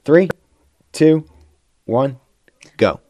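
A man co-hosting a casual movie podcast, running the segments and recommending films in a relaxed way. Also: on the high side, extremely slow, no room sound. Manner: relaxed, runs the segment timer. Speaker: podcast co-host.

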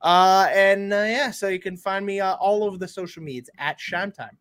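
A man guesting on a podcast, talking casually about streaming and games in a relaxed, rambling way. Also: sits high, moderate pace, smooth. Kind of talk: casual chat.

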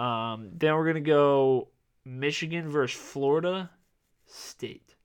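A young man hosts his own sports podcast, talking loosely and rambling. He fills his talk with "like" and "um" and restarts his sentences often. His voice sounds slightly hoarse from talking. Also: on the high side, takes it slowly. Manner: rambling, filler-heavy, self-correcting. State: voice going hoarse. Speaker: podcast host. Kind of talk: casual sports podcast chat.

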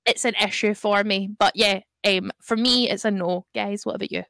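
A woman chats on a podcast in a frank, joking way. Her voice sits at a middle pitch. The sound is dry and close, with no room around it. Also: normal speed, gravelly, no room sound. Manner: frank, joking, animated storyteller. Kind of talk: casual podcast chat.

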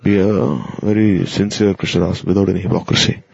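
A man giving an earnest, admonishing devotional sermon, with pauses and fillers. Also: low voice, steady tone, vocal fry, darkish tone. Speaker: spiritual teacher. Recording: dull lo-fi recording.

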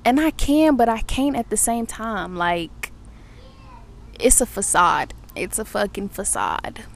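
Animated, profane young woman telling a story. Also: fairly high pitch, slow, vocal fry, slight background noise. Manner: profane, animated retelling of her day. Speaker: podcast host. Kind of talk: casual storytelling monologue.

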